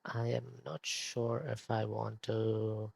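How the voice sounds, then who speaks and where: A young man streaming late at night, in a whispered role-play hush, quiet and hesitant with many fillers as he signs off. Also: on the low side, level tone, slow, gravelly, slightly rough, no room sound.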